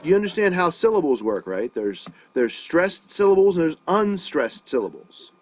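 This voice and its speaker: This music teacher's voice sits fairly high and is very animated, moving at a moderate pace as he teaches songwriting online by video call. He's laid-back and profane, often making sure the student understands. There's no echo, but the recording is low quality.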